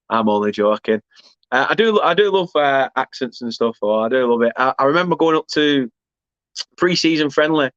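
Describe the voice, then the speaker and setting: A man's voice: medium pitch, expressive, normal speed, fairly bright tone, dry recording, highs cut off. Chatty man on a live stream. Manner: chatty, rambling, self-deprecating banter. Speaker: host of a football fan watchalong. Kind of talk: casual live chat, reading out viewer comments.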